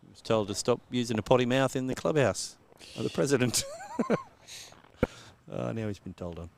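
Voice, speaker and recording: A man's voice: mid-range voice, normal speed, vocal fry. An Australian man calling a local cricket match live with a mid-range voice, cracking jokes and laughing a lot between scores. A faint hiss sits under the stream. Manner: joking, laughs often. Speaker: cricket commentator. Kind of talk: casual live commentary.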